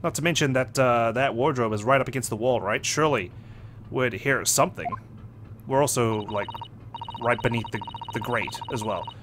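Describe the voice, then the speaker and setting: A man's voice: medium pitch, moderate pace, a bit bright, slight background noise. A man giving casual commentary while playing a story game, thinking aloud. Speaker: let's play host.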